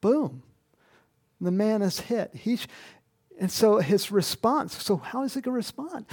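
A man's voice: sits high, lively intonation, a little slow, pauses often, darkish tone, husky. A male preacher delivering a sermon and reading scripture, talking animatedly with frequent chuckles and rhetorical questions.

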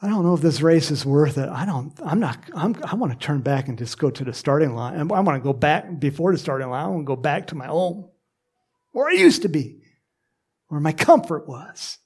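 Man acting out tired runner, complaining, discouraged, fairly high voice, sermon. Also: very animated, a little fast, husky, exaggerated voice. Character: weary male runner wanting to quit.

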